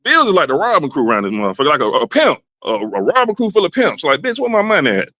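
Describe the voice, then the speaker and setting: A man hosting a comedy podcast with a loud, rowdy monologue, dropping to low mutters and jumping to high exclamations. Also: huge pitch swings, fast, dry recording. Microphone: desk mic, livestream.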